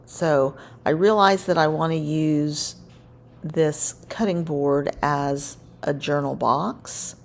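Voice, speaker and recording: A woman's voice: low voice, slow pace. A woman narrating her scrapbook crafting in a casual voice-over, rambling and correcting herself as she goes. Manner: rambling, self-correcting, relaxed.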